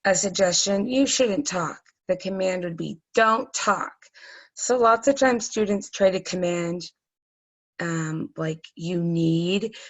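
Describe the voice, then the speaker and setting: A woman's voice: on the low side, a little mellow, rough recording. A woman teaching a recorded Spanish grammar lesson, explaining patiently step by step with frequent ums.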